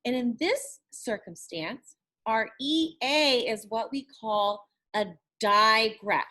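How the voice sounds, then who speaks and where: In this recorded lesson, a woman teacher speaks in a slightly high, pushed, bright voice. She goes slowly and encouragingly, repeating words and stretching out sounds as models, and draws out her praise.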